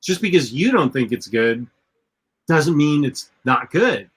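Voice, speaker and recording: A man's voice: a little high, sing-song, measured pace, husky. A man co-hosting a casual chat, opinionated and easily amused. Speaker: co-host.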